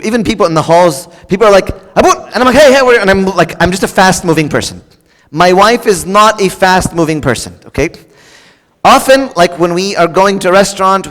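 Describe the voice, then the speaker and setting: A high-pitched, slightly bright male voice belongs to a preacher joking conversationally with his congregation, speaking straight to them with casual fillers and restarts. The clip has the long reverb of a large hall.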